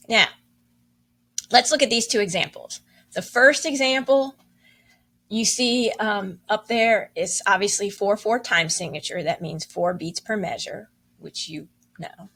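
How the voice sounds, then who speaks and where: A woman's voice: medium pitch, unhurried, a bit bright, breathy edge. A woman teaching a music lesson, encouraging as she counts and chants rhythms aloud.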